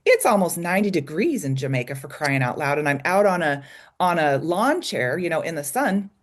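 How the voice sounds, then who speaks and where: A woman's voice: low voice, big pitch swings, a little fast. A woman guest telling a candid, emotional personal story in an interview, with many ums and restarts. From United States. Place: small logging community in Idaho.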